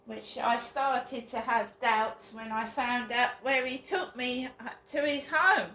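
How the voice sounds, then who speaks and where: Woman vlogger, bitter venting monologue, slightly high voice, echoey room recording. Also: slow pace, bright, forceful tone, a little hiss or hum. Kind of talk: personal vlog monologue.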